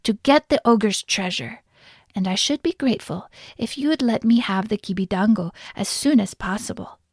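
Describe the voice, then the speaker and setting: A brave, courteous young hero from a folk tale, voiced by a female storyteller. He speaks out boldly yet politely, with a steady, determined push. The sound is dry and near. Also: mid-range voice, normal speed, slightly rough, no room sound.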